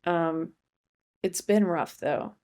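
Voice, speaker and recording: Rambling young woman comedian, deadpan. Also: lowish voice, slow pace. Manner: rambling, self-interrupting, deadpan asides. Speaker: comedy podcast host. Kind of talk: casual comedic monologue.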